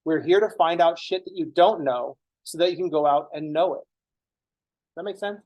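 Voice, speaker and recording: A man's voice: fairly high pitch, normal speed, highs cut off. A young man teaching a college math class in a casual, blunt way, swearing freely and making joking asides to his students. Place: classroom, also streamed online.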